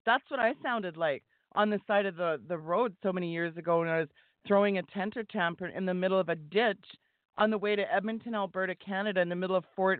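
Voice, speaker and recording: A woman's voice: medium pitch, no room sound. A woman guest speaking in a fervent, exhorting, preaching style, heard over a phone line. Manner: emphatic, exhorting. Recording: tinny phone line, dry.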